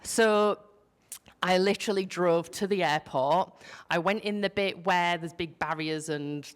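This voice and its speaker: Lively Yorkshire woman telling a story, low voice. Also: unhurried, clean tone. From Yorkshire, England. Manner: lively storyteller who acts out quotes and swears casually. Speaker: panel guest, business founder. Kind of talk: casual anecdote on a panel.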